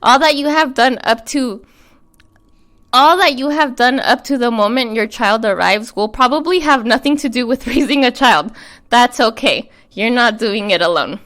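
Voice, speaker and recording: A woman's voice: fairly high pitch, moderate pace, a bit bright. A young adult American woman getting over a cold, reading a personal letter aloud and chatting frankly as podcast co-host. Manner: earnest, frank, swears casually.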